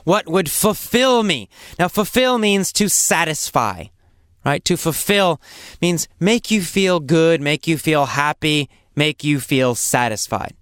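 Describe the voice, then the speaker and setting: Male English teacher, patient and repetitive, clear smooth voice, dry close recording. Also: on the high side, expressive, fairly bright tone, no echo. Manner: slow, patient, repeats words and examples; acts out coughs and sample phrases. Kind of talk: explaining vocabulary in a lesson.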